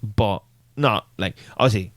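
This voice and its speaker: A man's voice: lowish voice, a little slow, no echo. A man, co-hosting a podcast in casual chat, with dry, jokey, rambling asides. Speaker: podcast co-host.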